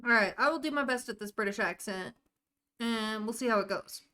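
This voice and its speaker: A woman's voice: on the high side, fairly quick, bright, forceful tone. A young woman streaming a game, chatting casually and answering her viewers by name as she reads the chat.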